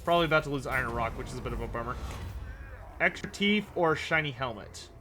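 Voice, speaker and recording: Bright-voiced chatty game streamer. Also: male voice, mid-range voice, animated, quick pace, slight background noise. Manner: chatty, thinking aloud, answering viewer questions. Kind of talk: casual gameplay livestream commentary.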